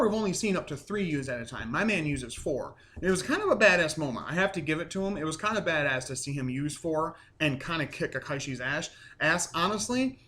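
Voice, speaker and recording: Man, slightly higher voice, rambling recap, fillers, casual swearing, at home. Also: a bit bright. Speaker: reviewer.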